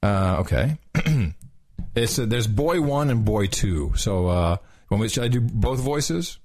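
A man chatting casually as a podcast co-host, his husky voice jumping lively up and down in pitch. He jokes around and laughs easily. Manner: joking, playful, quick to laugh. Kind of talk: casual chat.

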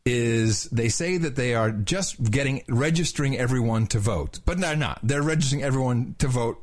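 A man's voice: medium pitch, moderate pace. A man, hosting a podcast, telling a long story in casual chat with lots of restarts. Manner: rambling, with many restarts and quoted asides. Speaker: podcast host.

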